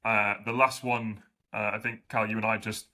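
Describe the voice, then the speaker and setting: A man with a bright, forceful voice hosts a casual podcast chat. He jokes and laughs easily as he keeps things moving. He is heard over a video call. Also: fairly low pitch, level tone, moderate pace. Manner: chatty, laughing, jokey. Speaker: podcast host.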